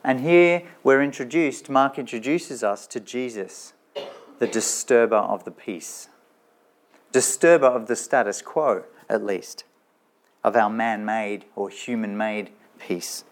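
A man's voice: mid-range voice, takes it slowly. A man preaching a sermon in a church, talking in a conversational way and asking his listeners rhetorical questions. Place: church with slides shown.

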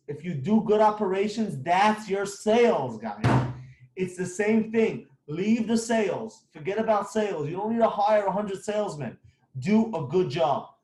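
A man's voice: high-pitched, darkish tone, echoey room. A man who runs a construction company giving blunt, emphatic business advice, repeating his points.

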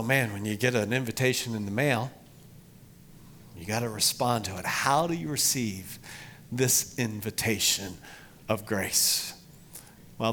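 A middle-aged man preaches a sermon in a bright, forceful voice. He speaks slowly and deliberately, surging loud for emphasis and then dropping low and soft. A faint hum of ambience sits behind him. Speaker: pastor.

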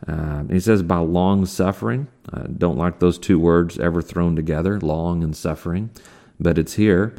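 A man preaching a sermon in a conversational way, full of fillers and restarts, slowing down when he reads scripture. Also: deep voice, dark tone. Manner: slows down to read scripture. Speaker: pastor.

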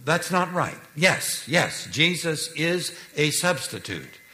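A male preacher telling a family story to explain a doctrine, dropping his voice low and soft for the tender moments. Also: very animated, slow. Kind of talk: sermon storytelling.

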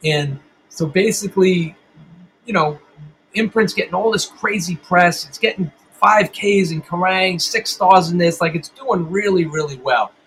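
A man's voice: sits high, measured pace, a bit bright, a little hiss or hum, low-quality recording. A middle-aged man and band musician, telling stories in a casual interview with lots of swearing and rambling restarts.

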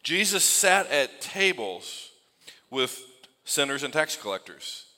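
A man's voice: fairly high pitch, big pitch swings, takes it slowly, bright, forceful tone, in a large hall. A middle-aged man preaching a sermon in a church, conversational and emphatic. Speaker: pastor. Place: church sanctuary.

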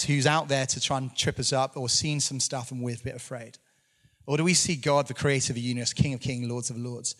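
A man's voice: a little high, fairly bright tone. Earnest man preaching a sermon. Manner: earnest, storytelling with self-deprecating humor. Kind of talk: conversational sermon.

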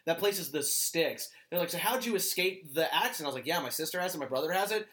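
A man's voice: fairly high pitch, animated, quick pace, a bit bright. A man from Georgia co-hosting a casual podcast chat, telling stories with frequent laughs and swearing. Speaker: podcast co-host.

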